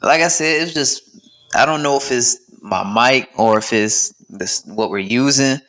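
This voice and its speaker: Young male podcast co-host, Southern US twang, laid-back and blunt, mid-pitched. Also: a little slow, fairly bright tone. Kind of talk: casual chat.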